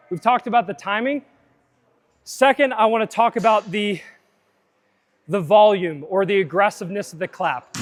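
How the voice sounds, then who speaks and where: A man coaching a live fitness seminar, upbeat and chatty, drifting into side tangents. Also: sits high.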